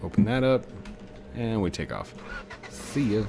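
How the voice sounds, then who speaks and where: A man's voice: on the low side, big pitch swings, measured pace, creaky, a little mellow, slight background noise. A man giving casual, rambling commentary while playing a video game, talking to himself and the game. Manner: chatty, talks to himself and the game.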